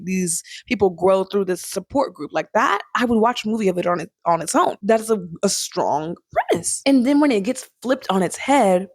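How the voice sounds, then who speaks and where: A young woman chatting casually as a vlogger reviewing a movie, animated and quick to laugh. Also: medium pitch, no echo, studio quality. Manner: chatty, animated, laughs often, sings snippets.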